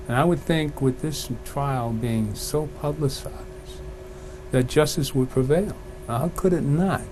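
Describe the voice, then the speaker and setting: A man hosting a live talk show, speaking in a loose, halting way with many fillers. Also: on the high side, a little mellow, a little hiss or hum. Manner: calls himself an old-time activist, loose and halting. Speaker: host.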